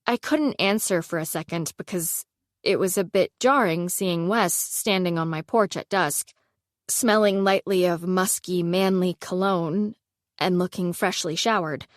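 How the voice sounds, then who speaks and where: A young adult woman reads a first-person romance audiobook with expressive storytelling. Her voice sits fairly low. The sound is dry and close to the mic. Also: unhurried, no room sound. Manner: expressive storytelling, voicing characters. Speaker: audiobook narrator.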